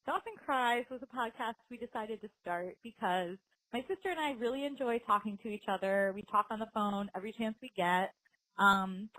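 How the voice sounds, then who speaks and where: A woman's voice: on the high side, fairly bright tone, no room sound, low-quality recording. A woman co-hosting a podcast in casual chat, laughing often and talking with lots of fillers. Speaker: podcast co-host.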